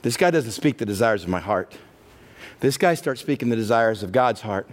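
A middle-aged male pastor preaching a sermon, acting out the inner voices he hears and building to a loud, passionate close. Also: mid-range voice, expressive, brisk.

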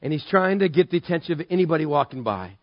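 Man, pastor, sermon, high voice, dry dull sound, animated storytelling. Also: fast talker, no echo. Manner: storytelling, animated, self-mocking humor.

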